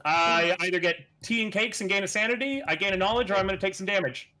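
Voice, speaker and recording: A man playing a board game on a live stream, reading cards aloud and briskly explaining the rules to the others. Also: high voice, sharp tone.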